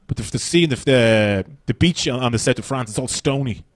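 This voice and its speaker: A man's voice: mid-range voice, a little fast, no echo. An Irish man in his thirties doing a stand-up comedy set on a club stage, chatty and swearing as he tells stories. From Ireland. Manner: chatty, swearing, animated storytelling.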